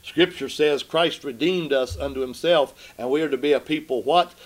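A man preaching a sermon, emphatic, asking the congregation rhetorical questions and slowing down to read scripture. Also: on the high side.

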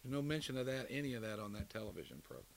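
A man preaching a sermon and closing in prayer, emphatic, building to loud declarations and dropping low again. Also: expressive, racing, creaky, a little hiss or hum.

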